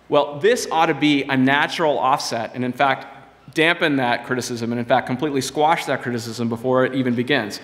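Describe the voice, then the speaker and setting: A man preaching a sermon with earnest, measured exhortation. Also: medium pitch, fairly even intonation, fairly bright tone, in a large hall.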